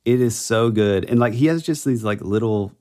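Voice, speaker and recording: A man's voice: mid-range voice, normal speed, mellow. A middle-aged man co-hosting a podcast, chatting casually and agreeably, often trailing off mid-thought. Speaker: podcast co-host. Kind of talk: casual chat.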